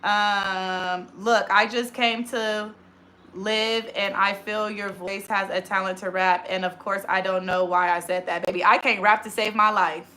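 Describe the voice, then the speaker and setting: A woman in her thirties hosting a casual livestream on her phone, chatting quickly as she reads out viewer comments. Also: medium pitch, steady tone, bright, forceful tone, slight background noise. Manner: very fast, rapid-fire talker. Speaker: livestream host.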